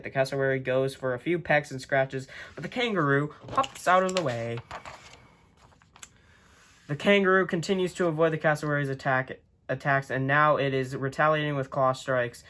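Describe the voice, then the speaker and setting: A man's voice: a little high, a bit bright. A young man casually narrating imagined animal fights, playful and prone to laughing at his own slips. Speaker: channel host. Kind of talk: casual narration of a book-based animal tournament.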